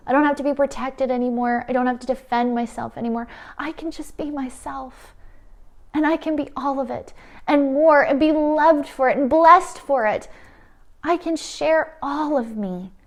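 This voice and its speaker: A woman with a high, bright-toned voice delivers a channeled energy forecast. She talks in a gushing, emphatic way, slipping into excited inner-thought asides with sudden gasps. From Canada. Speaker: spiritual energy reader.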